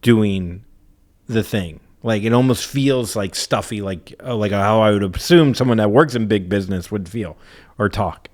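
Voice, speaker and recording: Low-voiced man teasing, casual chat. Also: normal speed, a little mellow. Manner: teasing, dry, swearing. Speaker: podcast co-host.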